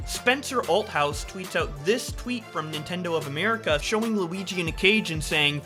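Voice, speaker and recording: A man's voice: fairly high pitch, animated, moderate pace, hardly any pauses, sharp tone, faint music behind. A man commentator reading tweets aloud, acting out the quoted posts in voices.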